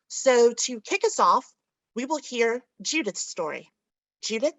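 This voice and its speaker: A woman's voice: a little high, lively intonation, unhurried, low-quality recording. A woman moderating an online panel in a composed manner, introducing the speakers. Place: video call.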